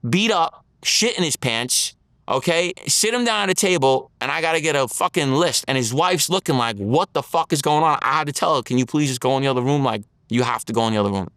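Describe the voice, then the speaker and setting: A man's voice: mid-range voice, animated, brisk, a bit bright, dry recording, studio quality. A man telling his story as an interview guest, in blunt street talk, acting out the lines of others.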